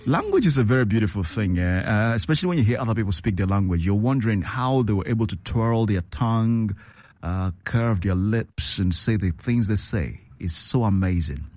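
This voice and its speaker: A man's voice: lowish voice, animated, fairly quick, a little mellow. A man hosting a call-in radio show from a studio, playful and teasing, repeating phrases. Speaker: radio host.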